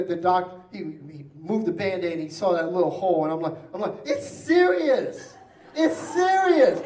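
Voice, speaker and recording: A man preaching, telling a story in an animated way and acting out the lines of each person in it. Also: high voice. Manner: animated, acting out quotes, repeats himself. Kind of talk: sermon storytelling. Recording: roomy church sound from a distant mic.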